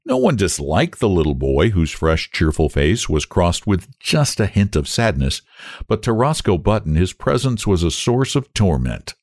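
A man narrating a story aloud with expressive storytelling. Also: sits low, normal speed, dry recording, studio quality. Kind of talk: audiobook narration.

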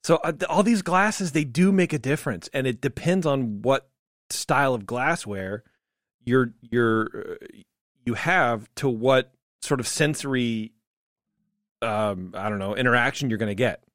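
A man's voice: medium pitch, measured pace, fairly bright tone, dry recording, clean studio sound. A man co-hosting a casual beer-tasting podcast, rambling and joking, often breaking off mid-thought. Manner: rambling, self-interrupting, joking. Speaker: podcast co-host.

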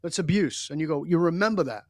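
A man's voice: on the high side, lively intonation, fast, darkish tone, no room sound, clean studio sound. An older man, a podcast guest, telling stories from his life in an emphatic, intense and blunt way. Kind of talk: reflective storytelling in an interview.

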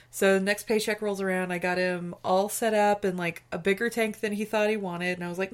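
A woman co-hosting a podcast, casually telling a personal story in an animated, chatty way. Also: mid-range voice, fast, hardly any pauses. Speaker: podcast co-host.

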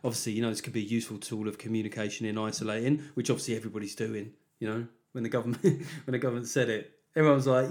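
A man's voice: mid-range voice, fairly even intonation, racing, few pauses, a little mellow. A man hosting a podcast, chatty and self-mocking, delivering a comedic monologue.

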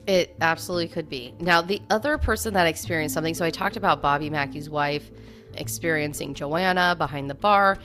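A woman's voice: deep voice, fairly quick, fairly bright tone, soft background music. A woman co-hosting a podcast, casually recounting haunting stories with lots of "like" fillers. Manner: conversational storytelling, many "like" fillers. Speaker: podcast co-host. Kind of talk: casual chat about hauntings.

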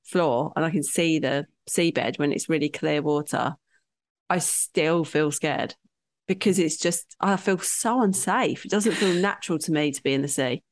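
A woman's voice: low voice, measured pace, dry recording. Jokey woman, dry sound. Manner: self-mocking, jokey, swears, says "mate". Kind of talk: casual chat.

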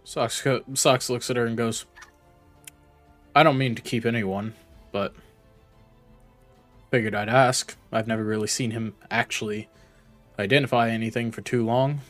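A man's voice: mid-range voice, steady tone, normal speed, pauses often, fairly bright tone, soft background music. A man playing a tabletop game who narrates his own character's actions and lines. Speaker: player.

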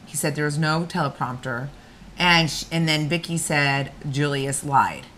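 A woman co-host chatting casually, slightly low-pitched, spinning gossip and acting out what others said. A faint hiss of noise sits under her voice. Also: unhurried. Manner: gossipy, animated storytelling with quoted voices. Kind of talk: casual chat.

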